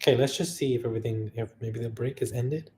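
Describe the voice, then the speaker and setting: A man's voice: medium pitch, fairly even intonation, quick pace, slight background noise. Tired man hosting a live stream. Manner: chatty, laughing, shifts between loud and quiet. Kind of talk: casual live chat reading super chats.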